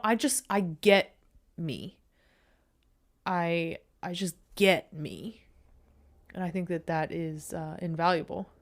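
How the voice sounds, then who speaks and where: A woman hosting her podcast, chatty and self-deprecating, swearing freely and a bit low on energy. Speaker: podcast host. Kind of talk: casual solo podcast intro.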